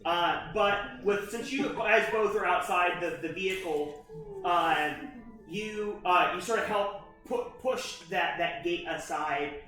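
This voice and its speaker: A man's voice: sits high, bright, forceful tone, far from the mic. A man narrating a tabletop horror game as its game master. He stumbles and restarts often, stacking fillers as he describes the scene. His voice rings in a very echoey room with faint music underneath. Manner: halting, full of fillers and restarts.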